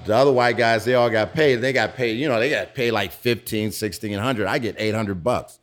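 A middle-aged man being interviewed in a pizza restaurant, telling his own story frankly with halting restarts. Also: on the low side. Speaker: interviewee, former dancer turned business owner. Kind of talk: candid personal storytelling.

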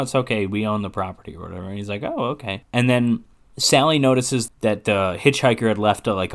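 A man co-hosting a podcast, casually recapping a movie plot in a rambling, filler-heavy way with quick laughs. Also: fairly low pitch, clear, resonant tone. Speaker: podcast co-host.

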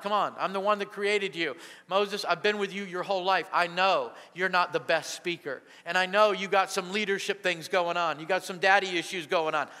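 A man's voice: high-pitched, sharp tone. A man preaching a sermon as pastor, fervent and calling out to the congregation. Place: church sanctuary. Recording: long church-hall reverb.

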